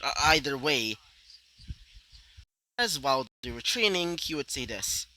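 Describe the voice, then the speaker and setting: A man's voice: mid-range voice, sing-song, measured pace, pushed and bright, low-quality recording. A man casually narrating a fan story, rambling with many fillers and ranting asides.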